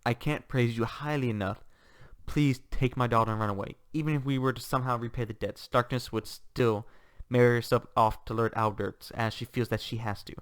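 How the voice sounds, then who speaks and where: A man's voice: mid-range voice, steady tone, a little fast, clean tone, lightly acted. A man doing a frail, pleading old nobleman father.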